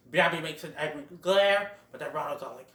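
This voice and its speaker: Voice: mid-range voice, fairly bright tone, roomy sound. A film reviewer retelling a plot in a casual, chatty way, laughing along. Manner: chatty, laughs at own jokes.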